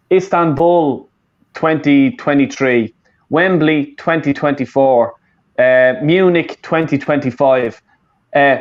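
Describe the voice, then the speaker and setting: A fan channel host with a slightly high voice runs a casual football chat, rambling and swearing, full of fillers and restarts. The audio sounds lo-fi.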